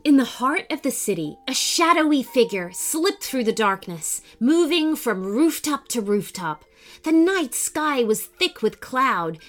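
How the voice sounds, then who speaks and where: Animated woman reading a kids' story. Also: on the high side. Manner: animated, expressive. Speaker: children's podcast host and storyteller. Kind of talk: storybook narration.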